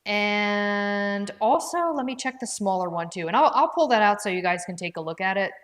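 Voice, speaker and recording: Speaking at normal speed in a medium pitch, she runs a relaxed livestream from home, her dog with her, greeting viewers by name, reading their comments, and musing aloud while checking prices on products.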